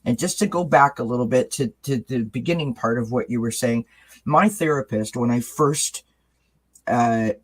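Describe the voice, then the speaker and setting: A man's voice: mid-range voice, moderate pace. A man in a medium register hosts a casual video chat. He talks openly and earnestly, turning to his viewers as friends. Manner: earnest, candid, speaks to viewers directly. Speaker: channel host.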